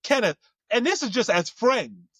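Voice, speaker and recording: A man's voice: extremely high pitch, big pitch swings, moderate pace, a bit bright, husky, no echo. A man co-hosting a casual chat, rambling with lots of fillers and restarts. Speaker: co-host.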